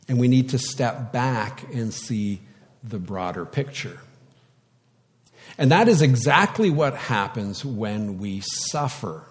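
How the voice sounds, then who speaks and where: Male pastor, measured sermon, unhurried pace, bursts of emphasis, long reverb from a big hall. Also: on the low side. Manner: slow, reflective delivery with sudden loud emphases.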